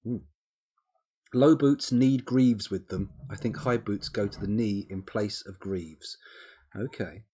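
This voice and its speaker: A man's voice: on the low side, takes it slowly, mellow, husky. A young man streaming a game live, thinking aloud and muttering menu items with easygoing asides into a desk microphone. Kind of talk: casual live-stream commentary while playing.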